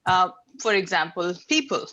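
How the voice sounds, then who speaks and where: A woman's voice: fairly low pitch, expressive, moderate pace, sharp tone, muffled recording. A woman teaching an English class over a video call, explaining patiently step by step with frequent fillers. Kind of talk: online class instruction.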